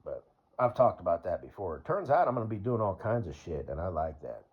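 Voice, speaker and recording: A man's voice: sits low, very animated, fairly quick, husky. A man vlogging in a casual, rambling way, full of fillers and laughing at his own jokes. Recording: dull lo-fi recording.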